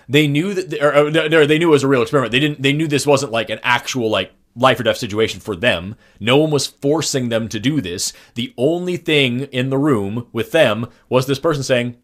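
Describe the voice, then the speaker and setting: A man's voice: mid-range voice, fairly quick, hardly any pauses. A man co-hosting a podcast, telling a long story in casual chat, with many fillers and restarts. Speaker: podcast co-host.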